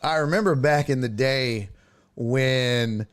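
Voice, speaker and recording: A man hosting a casual live-streamed sports talk show from Texas, reading viewer comments aloud and teasing rival fans in a loose, animated way. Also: mid-range voice, slow.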